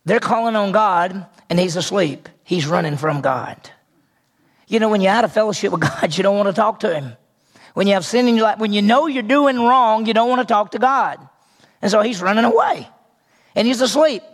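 A man's voice: sits high, moderate pace. A man preaching a sermon, retelling a scripture story with acted-out voices and rhetorical questions. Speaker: pastor.

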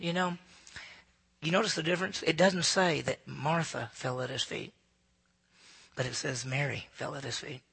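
A male pastor preaching a sermon, dramatic, swinging between loud emphasis and hushed near-whispers. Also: medium pitch, normal speed, vocal fry, slightly rough. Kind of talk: sermon, Bible teaching.

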